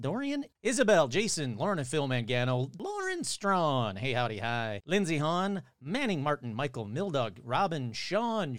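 Hoarse, lively male podcast host. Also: a little high, dry recording, studio quality. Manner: chatty, reacts aloud while watching clips. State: hoarse, voice cutting in and out. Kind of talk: casual podcast chat.

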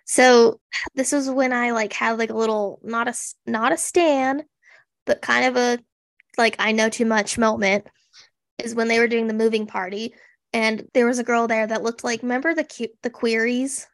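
A woman's voice: on the high side, steady tone, normal speed, no echo, clean studio sound. A woman co-hosting a podcast, chatting sarcastically about a TV special with lots of "like" fillers. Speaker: podcast co-host. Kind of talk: casual chat recapping a TV special.

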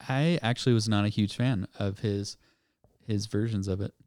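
A man co-hosting a spooky podcast in casual chat, talking in a relaxed, meandering way with small restarts. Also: lowish voice, normal speed, clean tone, no room sound, studio quality. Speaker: podcast co-host.

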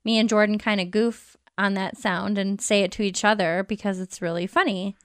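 A woman co-hosting a podcast in casual chat, laid-back and giggly, quick to joke. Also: mid-range voice, steady tone, fairly bright tone, clear, resonant tone, no room sound, studio quality. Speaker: podcast co-host.

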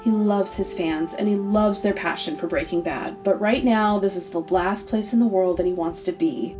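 A woman narrating a comedic story in a deadpan, sardonic way. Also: mid-range voice, normal speed. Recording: distant mic, faint music.

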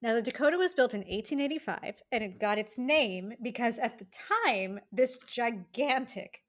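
Podcast co-host, woman, relaxed and amused narration. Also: a little high, moderate pace. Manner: tells researched history in an easy, amused way, laughs often. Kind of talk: casual history podcast chat.

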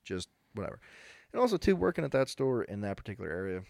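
Lively-voiced young man telling stories. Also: medium pitch, racing, gravelly, no echo, clean studio sound. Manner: rambling storyteller, acts out quotes, says bro and dude. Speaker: podcast co-host. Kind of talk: casual chat.

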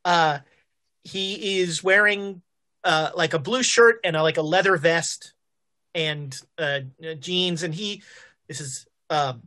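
A woman running a tabletop horror-western game as game master, narrating slowly with many fillers. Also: lowish voice, bright, forceful tone. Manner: slow, filler-heavy narration.

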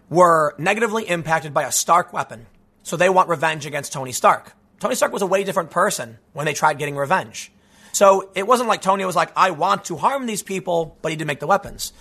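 A man giving a casual, animated commentary monologue, tossing in "dude" and "man" as he talks. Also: a little high, husky. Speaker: political commentator.

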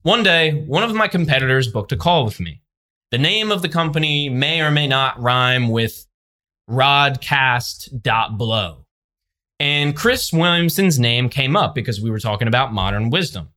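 A man who makes podcasts faces the camera, a laptop before him, and rattles off a cocky, sarcastic review. His voice is a little high and sharp.

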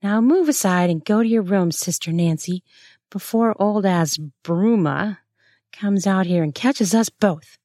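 A woman reading a story aloud, voicing a defiant young novice nun with sharp, mocking retorts in a raised voice. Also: mid-range voice, a little slow, no echo, studio quality, natural voice.

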